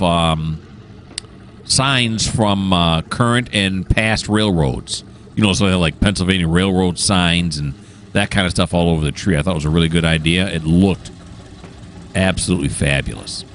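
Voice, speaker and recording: Low-pitched male game host, casual and rambling, full of ums and uhs. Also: fairly bright tone, slight background noise. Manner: rambling, enthusiastic, many filler sounds. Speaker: train simulator gameplay host. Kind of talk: casual gameplay commentary.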